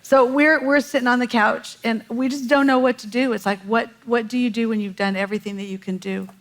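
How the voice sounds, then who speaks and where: A middle-aged woman tells a story from a church stage, her voice animated and often breaking into laughter. Her voice sits fairly high. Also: brisk. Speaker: pastor's wife sharing a story. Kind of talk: sermon storytelling.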